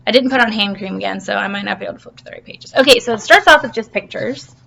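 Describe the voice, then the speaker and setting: A woman's voice: mid-range voice, racing, creaky, bright, forceful tone. A woman teacher reading a storybook to her class over video, playful and full of questions for the kids.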